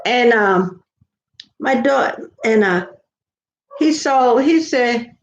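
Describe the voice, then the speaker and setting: A woman's voice: fairly high pitch, animated, slow, long pauses. Older woman, rambling folksy chat. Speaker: vlogger. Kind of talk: casual chat to viewers. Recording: roomy, slightly dull sound.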